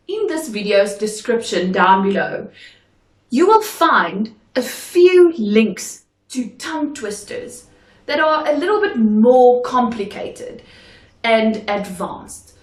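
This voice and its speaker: A woman drama teacher giving a video lesson, speaking slowly with careful, crisp articulation. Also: fairly high pitch. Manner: slow, clearly articulated delivery. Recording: echoey room.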